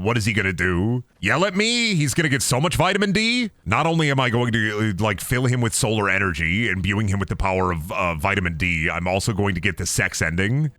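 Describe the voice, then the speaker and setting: A young man rambles through his game stream in a goofy, joking way. His pitch bounces around a lot and he often breaks into silly high voices. The tone is bright and forward, recorded close and dry with no room sound. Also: no room sound. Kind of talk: casual gameplay commentary.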